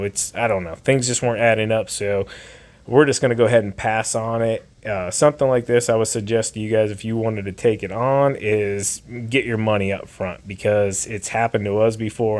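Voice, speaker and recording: A man who owns a lawn care and storage business, talking casually to camera outdoors in a rambling way with plenty of fillers. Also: fairly low pitch. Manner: conversational, rambling with many fillers. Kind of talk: casual vlog talk to camera. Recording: loud outdoor background noise.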